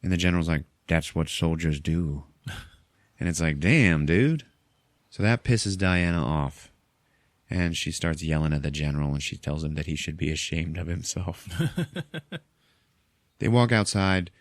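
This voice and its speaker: Male podcast host, low voice, dry close mic, casual and jokey, swears freely while retelling a plot. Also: moderate pace, long pauses, no room sound. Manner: chatty, laughs often, swears casually, acts out quotes. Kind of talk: casual movie recap.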